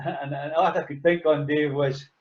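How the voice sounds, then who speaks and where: A man's voice: a little high, steady tone, normal speed. A man hosting a casual chat, a former referee speaking modestly with frequent restarts. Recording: dull lo-fi audio.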